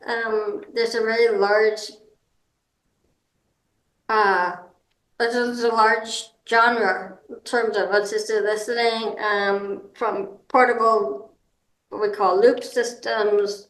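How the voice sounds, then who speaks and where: A woman speaking as a guest advocate, giving practical advice in an informal, halting way with many ums and restarts. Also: on the high side, a bit bright. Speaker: guest, hard of hearing and seniors advocate. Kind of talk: explanatory advice talk. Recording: roomy echo.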